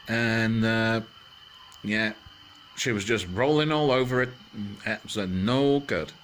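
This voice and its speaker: A man's voice: on the low side, fairly bright tone, a little hiss or hum. A man telling a bedtime story in a loose, chatty way, full of fillers and joking asides.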